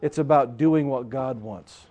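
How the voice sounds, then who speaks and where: A man preaching a sermon with passion, swinging between loud urging and hushed, quieter asides. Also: mid-range voice, measured pace, lo-fi sound.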